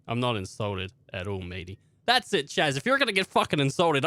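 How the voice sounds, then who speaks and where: Bright-voiced, swearing streamer. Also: male voice, fairly high pitch, big pitch swings, fast, dry recording. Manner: profane rambling comic rants, acting out everyday characters. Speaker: game streamer. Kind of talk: casual gameplay commentary.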